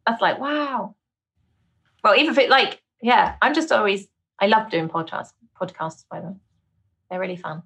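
A woman's voice: mid-range voice, normal speed, vocal fry, fairly bright tone, husky. A British woman chatting casually as a podcast guest, laughing often and acting out her own reactions. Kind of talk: casual interview chat.

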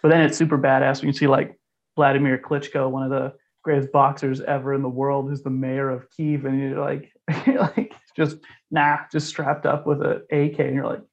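Brief: male co-host, gravelly voice, blunt rambling talker, muffled recording. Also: mid-range voice, little pitch movement, moderate pace. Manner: rambling, blunt and profane, peppered with "like". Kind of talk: casual chat.

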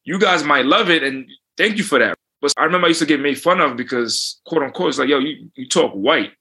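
A man moderating a panel with a bright, crisp voice. He thinks aloud before he asks the other panelists his question. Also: a little high, quick pace. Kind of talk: panel discussion.

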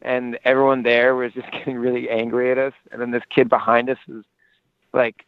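A man's voice: mid-range voice, monotone, fairly quick, clear, resonant tone, no echo. A young man rambles through a story in casual chat, tripping over restarts as he goes. His voice comes through a thin, tinny phone line, and the sound is dry and close. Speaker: caller.

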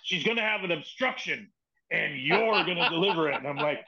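A man's voice: a little high, fast talker, pushed and bright. A man who is a guest on a podcast tells a backstage story in a casual, profane way and acts out the quoted dialogue. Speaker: podcast guest, former wrestling writer. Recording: muffled lo-fi sound.

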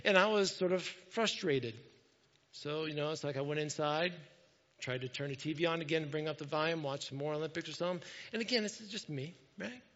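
A pastor telling a story in a sermon, animated and self-mocking, acting out what people said. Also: male voice, on the high side, fairly quick, big-room sound, dull audio.

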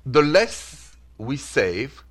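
A man from France with a French accent, hosting a relaxed, chatty call-in show about love and relationships. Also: medium pitch. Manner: relaxed, chatty, with filler pauses. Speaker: radio advice host. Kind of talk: call-in advice talk.

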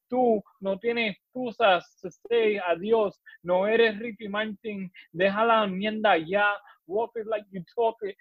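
A man's voice: high-pitched, dry recording, narrow, tinny audio. Blunt man reading a poem aloud. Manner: blunt, forceful, profane. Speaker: teacher and poetry reader.

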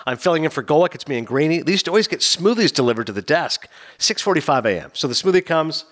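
Lively fast-talking man telling stories. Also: fairly high pitch. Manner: animated storyteller, acts out quoted voices. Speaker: podcast co-host. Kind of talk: casual chat.

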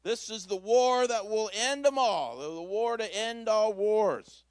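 A man's voice: high-pitched, animated, unhurried, no echo. A man preaching a Christmas Eve sermon in a church, telling a story in a folksy, conversational way with asides. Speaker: pastor.

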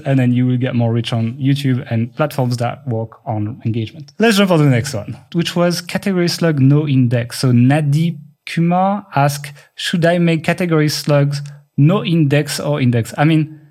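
A man's voice: mid-range voice, a little mellow. A man with a French accent, a non-native English speaker co-hosting a podcast, explaining at length in casual chat. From France. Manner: rapid talker who explains at length. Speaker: podcast co-host.

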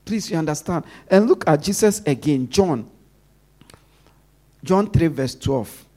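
Emphatic male preacher, somewhat high voice, call-and-response delivery, loud stresses then soft asides. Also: animated, measured pace. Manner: call-and-response, leaves questions for the congregation to finish. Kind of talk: sermon.

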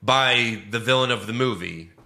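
A man in casual movie-review chat, ranting with swearing, his voice jumping high when he gets outraged. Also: moderate pace, bright, forceful tone. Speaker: podcast co-host.

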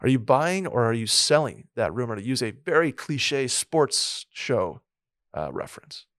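Rambling podcast co-host, dry sound. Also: male voice, medium pitch, very animated, measured pace, a bit bright, dry recording. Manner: rambling, many restarts and fillers. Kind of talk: casual sports podcast chat. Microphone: studio mic with a soundboard.

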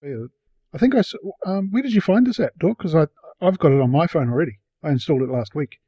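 A man chatting quickly and a little hesitantly. His tone is mellow and dark. The recording is dull and lo-fi, dry with no room around it. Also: fairly high pitch, animated, no room sound. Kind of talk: casual chat. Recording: dull lo-fi sound.

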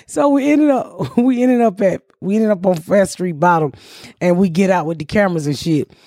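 A middle-aged woman from Atlanta, a podcast host telling a story in a profane, animated way and shouting out quotes. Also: on the low side, moderate pace, no room sound, studio quality. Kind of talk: casual storytelling chat.

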